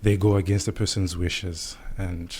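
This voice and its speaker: A man, speaking as a guest doctor in a radio podcast interview, calm and measured, explaining things with many "you know"s. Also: low-pitched, slight background noise.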